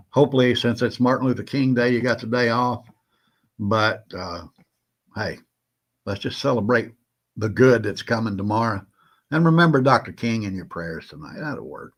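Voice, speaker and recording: A man with a Southern drawl hosts a relaxed livestream. He calls out viewers by name in a folksy, chatty way, and his voice sits at an everyday middle pitch. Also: slightly rough. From Southern United States. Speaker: host of a prepping livestream. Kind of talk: casual livestream chat.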